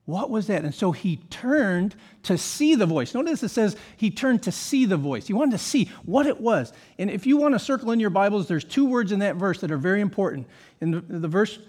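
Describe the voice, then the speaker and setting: A man with a high voice preaching a sermon from the pulpit. He is an emphatic pastor who keeps asking the congregation rhetorical questions. He slips easily into casual asides. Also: sing-song, a little fast, a little mellow.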